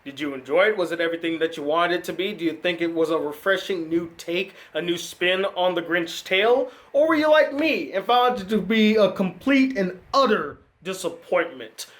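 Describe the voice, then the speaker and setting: A man hosting his own channel, giving a casual, sarcastic film review with animated ranting. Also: high-pitched, normal speed, few pauses. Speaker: film critic and channel host.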